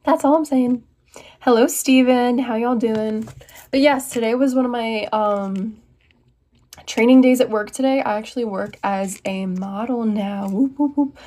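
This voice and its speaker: A woman's voice: on the high side, fairly even intonation, a little slow, dark tone. A young woman from the United States hosting a casual livestream, bubbly and answering viewer comments as she reads them aloud. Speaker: livestream host.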